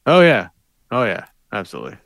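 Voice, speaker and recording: Lively-voiced man with wry asides. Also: lowish voice, brisk, gravelly, no room sound, clean studio sound. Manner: short agreeing interjections and wry asides. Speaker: podcast co-host. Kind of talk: casual chat.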